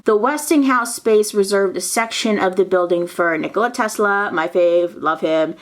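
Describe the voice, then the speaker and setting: Woman w a lowish voice reading history facts, gets all excited, little whispered asides, casual. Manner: gushing asides with playful mock dialogue. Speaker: history video narrator. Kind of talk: casual history narration, reading old news aloud.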